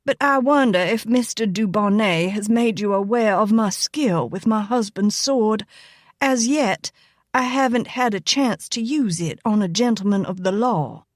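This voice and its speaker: A woman voicing a proud white-haired woman in her sixties, with a firm, oddly pleasant, rasping voice. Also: medium pitch, measured pace, no room sound, studio quality, natural voice. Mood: haughty. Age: 60s.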